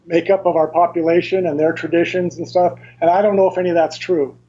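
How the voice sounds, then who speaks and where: Man, interview guest, high husky voice, mellow tone, careful detailed explaining, dull lo-fi audio. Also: little pitch movement, fast.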